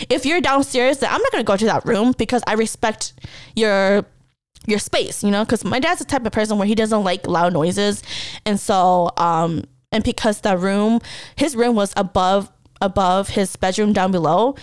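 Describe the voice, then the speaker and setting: A young woman hosting a podcast, telling a personal story in a blunt, profane and animated way. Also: on the high side, no echo, studio quality. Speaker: podcast host. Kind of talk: casual storytelling monologue.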